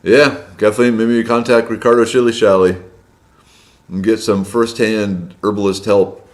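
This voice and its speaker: Slightly hoarse man hosting a live stream. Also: on the low side, flat delivery, unhurried. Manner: friendly, chatty, greets viewers by name. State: slightly hoarse from a long day of loud speaking. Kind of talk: casual live-stream chat greeting viewers. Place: indoors at his home.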